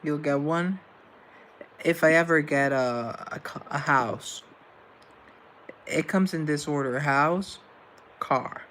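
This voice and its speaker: A man's voice: fairly high pitch, takes it slowly, long pauses, fairly bright tone, slight background noise. A man hosting a live stream, chatting casually with viewers in a rambling, joking, self-deprecating way. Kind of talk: casual chat reading viewer comments.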